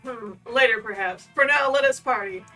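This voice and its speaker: A woman voices a cruel, regal villain in a game, speaking slowly and coldly with imperious calm. Her voice is high and bright, sits a little away from the mic, and has faint music behind it. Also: recorded from a distance. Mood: haughty. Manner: cold, slow, imperious.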